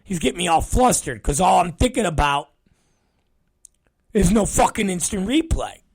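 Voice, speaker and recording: A man's voice: sits high, lively intonation, moderate pace, vocal fry, slightly rough, no room sound. A man hosting his own show, telling stories in a profane, ranting monologue. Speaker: show host. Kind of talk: casual podcast monologue.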